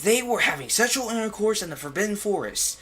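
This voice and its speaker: Furious swearing old headmaster, put on by a male reader, bellowing with a bright, strained voice. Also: high-pitched, expressive, fairly quick, voice pushed up.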